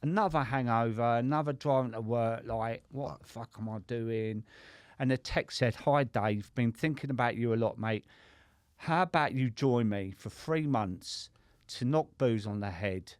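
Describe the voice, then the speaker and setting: A middle-aged sobriety coach, appearing as a podcast guest, tells his story in a chatty, sweary way, often tossing in "right?". His voice sits at medium pitch and moves at a moderate pace. The studio sound is clean with no echo.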